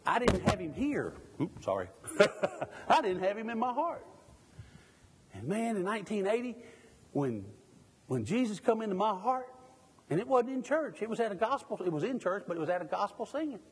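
Middle-aged preacher, fervent, questions the congregation, lively high delivery, echoing in a church. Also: male voice, a little fast, husky. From Mississippi, USA. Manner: fervent, asks the congregation pointed questions, jokes at himself. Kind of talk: sermon.

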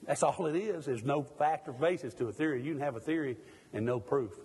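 A man's voice: mid-range voice, a little fast, a little mellow, breathy edge, big-room sound. A middle-aged man from Mississippi, preaching a sermon in a church. He keeps putting pointed questions to the congregation and jokes at his own expense. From Mississippi, USA.

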